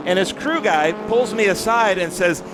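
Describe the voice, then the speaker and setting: Male race commentator, high-pitched, chatty and enthusiastic, with loud trackside car noise behind. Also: expressive, moderate pace. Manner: enthusiastic, chatty, admires the cars. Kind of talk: live motorsport commentary. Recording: noisy trackside with engine sound.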